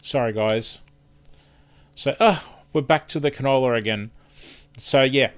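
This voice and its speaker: A chatty Australian man hosts a live stream in an easygoing, rambling way. His voice sits at an ordinary middle pitch, and his sentences often trail off and start over as he loses his words. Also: a little slow, smooth. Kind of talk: casual live-stream chat.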